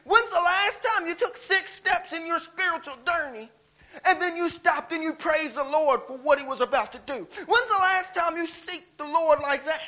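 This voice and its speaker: A man's voice: very high voice, normal speed, sharp tone, rough recording. A man preaching as a guest in a church, driving his points with repeated rhetorical questions and calls of "come on". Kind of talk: sermon.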